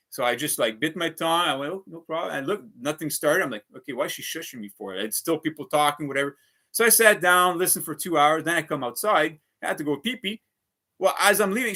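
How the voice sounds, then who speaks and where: A man's voice: a little high, pushed and bright. A man ranting heatedly on a casual livestream, swearing often and repeating himself. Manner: heated, profane, repetitive ranting. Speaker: vlogger.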